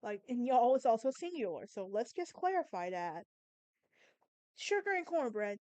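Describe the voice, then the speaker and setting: Southern woman with a sassy, emphatic delivery, high voice, dry close sound. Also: very animated, normal speed, darkish tone, dry recording. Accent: Southern American. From Southern United States. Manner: sassy, emphatic, talks straight to the listener. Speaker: podcast host. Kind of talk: casual monologue.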